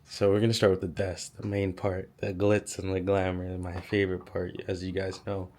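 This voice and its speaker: A young man, hoarse from being sick, chatting casually as he gives a room tour. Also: deep voice, completely flat delivery, moderate pace, a little mellow, a little hiss or hum. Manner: chatty, lots of "like" and "so". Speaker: YouTuber giving a room tour. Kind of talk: casual vlog walkthrough.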